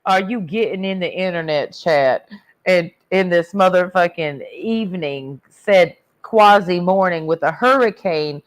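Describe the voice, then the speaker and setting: A tipsy woman livestreams a blunt, crude, rambling rant after drinking, a profane monologue. Her voice is fairly low and her pace unhurried.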